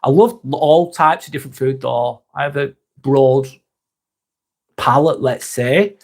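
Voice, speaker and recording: A gravelly, medium-pitched male voice with a measured pace. He's a Lancashire host from North West England reading his live-stream chat, blunt and sweary, calling everyone mate.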